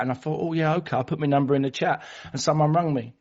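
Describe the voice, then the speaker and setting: A man's voice: a little high, steady tone, fast, darkish tone, highs cut off. A man telling his own addiction and recovery story at a twelve-step meeting, candid and self-mocking, with frequent restarts. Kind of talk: personal recovery share. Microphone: online meeting call.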